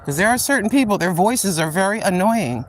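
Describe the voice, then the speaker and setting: A woman's voice: medium pitch, animated, brisk, a little hiss or hum. An older woman hosting a casual livestream while walking outdoors on a street, chatty and rambling, laughing often as she digresses. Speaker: livestream host.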